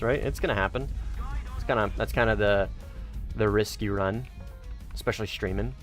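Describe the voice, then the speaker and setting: Low-voiced man rambling on a game stream. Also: fairly even intonation, a little fast, a bit bright, faint music behind. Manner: rambling, self-correcting, casually profane. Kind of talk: casual gaming livestream chat.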